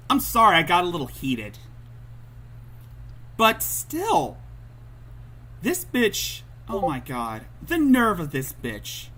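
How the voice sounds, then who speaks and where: A man's voice: fairly high pitch, wildly swooping pitch, unhurried, pushed and bright. A man hosting a livestream, reacting to clips with angry, profane ranting. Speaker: livestream host.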